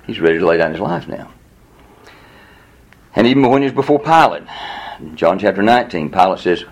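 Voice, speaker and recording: A man's voice: normal speed, pauses often, breathy edge. A man preaching a sermon in a conversational way, acting out the quotes and chatting with the listeners. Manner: animated, acts out quotes with rising pitch; conversational, with laughs and audience asides. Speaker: pastor.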